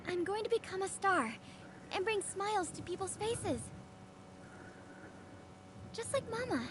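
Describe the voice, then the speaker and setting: A bright, eager young dancer girl in a video game. Her voice sits very high and rings with sweet, earnest hope. Game audio carries a constant layer of background noise beneath her. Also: animated, unhurried. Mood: hopeful. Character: cheerful young woman dancer, eager to leave home. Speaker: game character.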